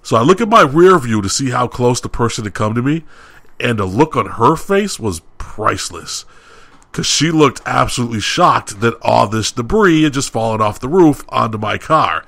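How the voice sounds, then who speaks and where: Male podcast co-host, mid pitch, dry booth sound; casual storyteller who acts out heated back-and-forths. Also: normal speed, gravelly, no echo. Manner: animated, acts out heated exchanges.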